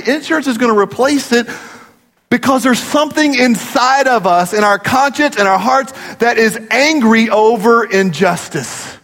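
Male pastor, animated sermon delivery, high-pitched, echoing hall. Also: normal speed. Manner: animated storytelling, rising to emphatic peaks and dropping low for gravity. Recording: long hall reverb.

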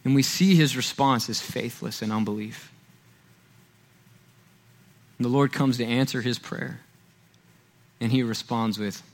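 A man preaching a sermon in a conversational, animated way, walking as he speaks. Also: mid-range voice, measured pace, pauses often.

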